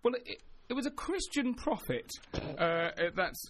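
High-voiced man telling a funny story. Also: very animated, unhurried, a bit bright, a little hiss or hum. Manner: rambling with fillers, acts out silly voices. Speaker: podcast co-host. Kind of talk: casual comedic chat.

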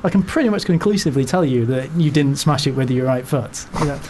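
A man hosting a casual football podcast, rambling with jokes and quick asides. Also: mid-range voice, expressive, a little mellow, slight background noise. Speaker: podcast host.

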